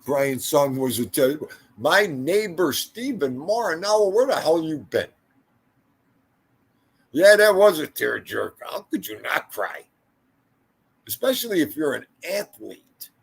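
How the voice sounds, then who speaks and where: A man's voice: fairly high pitch, very animated, slow, gravelly, long pauses, husky. An older man hosting a casual livestream, rambling through stories and talking to viewers in the chat by name. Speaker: livestream host.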